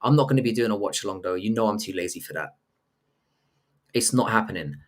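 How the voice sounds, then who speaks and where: A man's voice: fairly low pitch, expressive, fast talker. A man hosting a live stream, reading viewer messages aloud and answering with crude, profane jokes. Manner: crude, profane, joking banter with chat. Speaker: livestream host reading chat. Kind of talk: casual live-stream chat.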